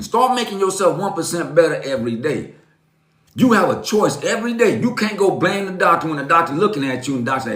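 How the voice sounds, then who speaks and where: A man's voice: on the high side, big pitch swings, fast talker, fairly bright tone, reverberant. A man in his fifties giving a motivational live-stream talk, preachy and emphatic, repeating lines and calling his viewers folks. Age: 50s.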